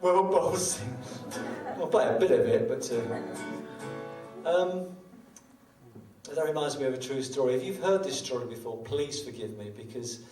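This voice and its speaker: A man's voice: medium pitch, animated, moderate pace, warm tone. An older man, a guitarist, chatting between tunes at a small live venue, self-mocking and rambling with joking asides. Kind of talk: between-song stage banter. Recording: roomy live venue, distant mic, guitar.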